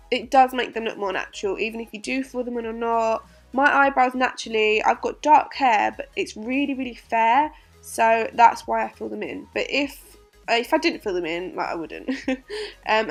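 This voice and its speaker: Hoarse, chatty woman with a gravelly voice. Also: high voice. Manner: chatty, giggly, frequent ums. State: hoarse, unwell. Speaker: beauty vlogger. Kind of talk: casual makeup tutorial narration.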